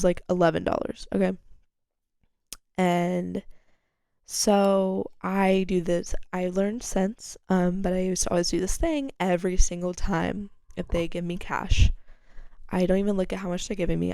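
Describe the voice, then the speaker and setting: A young woman hosting a podcast, telling a story in a candid, chatty way that is full of fillers and swearing, and getting animated when she quotes people. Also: gravelly, dry recording, clean studio sound. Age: young adult. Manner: chatty and candid, swears freely, heavy use of "like"; animated when quoting others, with sharp jumps in pitch and loudness. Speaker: podcast host. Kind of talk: casual storytelling chat.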